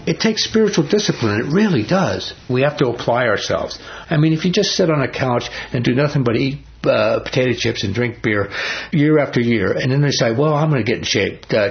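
A man's voice: mid-range voice, creaky, highs cut off. A man preaching a sermon in a folksy, storytelling way, with frequent restarts and repeated asides.

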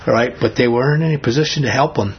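Man, Bible study teacher, husky voice, reads scripture, quizzes the group, muffled lo-fi sound. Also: mid-range voice, quick pace. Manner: asks the group questions and reads scripture aloud. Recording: dull lo-fi recording.

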